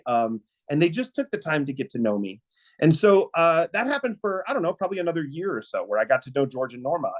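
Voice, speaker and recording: Man, mid pitch, earnest personal storyteller on a webinar, halting delivery. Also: rough recording. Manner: earnest, halting with many fillers and restarts. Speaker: webinar speaker.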